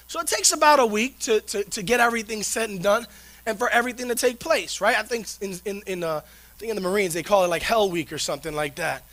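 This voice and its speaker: A young man preaches in a loose, conversational way, spinning a personal story and checking in with "right?" again and again. His voice sits very high for a man, with a bright, forceful edge. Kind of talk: sermon with personal stories.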